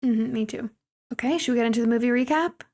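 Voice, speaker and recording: A woman's voice: on the high side, fast, a little mellow. A woman co-hosting a podcast, chattily retelling a movie scene by scene. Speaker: podcast co-host. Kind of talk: casual podcast movie recap.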